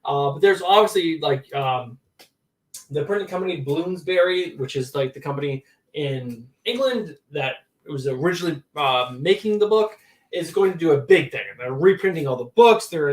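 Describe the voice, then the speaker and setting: A man co-hosting a casual livestream, shouting out to viewers and chatting loosely. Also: a little high, normal speed, distant mic. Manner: animated, loud shout-outs to chat. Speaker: livestream co-host.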